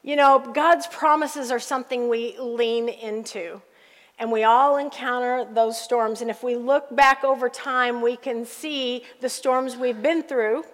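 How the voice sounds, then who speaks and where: Woman pastor, middle-aged, high voice, expressive sermon, long hall echo. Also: unhurried. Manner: storytelling, expressive, lively, with asides to the congregation.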